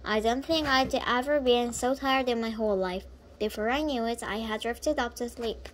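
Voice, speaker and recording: A woman reads a children's book aloud and stumbles often, correcting herself mid-phrase. Her voice sits fairly high for a woman. A faint hum sits behind her. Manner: halting, with frequent self-corrections. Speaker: reader.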